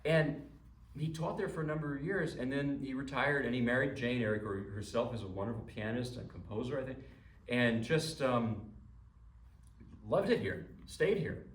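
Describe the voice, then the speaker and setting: A man's voice: medium pitch, normal speed, recorded from a distance. Rambling, jokey man in an echoey room. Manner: chatty, rambling, jokey, many restarts. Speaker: pianist introducing a piece. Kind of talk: informal recital talk. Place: recital room. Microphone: distant mic.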